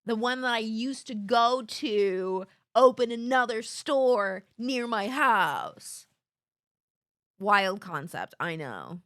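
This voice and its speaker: A woman's voice: fairly high pitch, takes it slowly, dry recording. A young woman chats to her live stream audience in a loose, giggly ramble. Her voice swings widely up and down, and it sounds close and dry at a desk mic. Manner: rambling and giggly, with sudden excited outbursts. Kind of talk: casual chat to a live audience.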